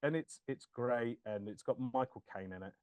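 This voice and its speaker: A man co-hosting a podcast chats at a moderate pace in a medium-pitched voice, recorded without room sound. The casual talk is animated, with laughter, swearing and quoted lines he acts out.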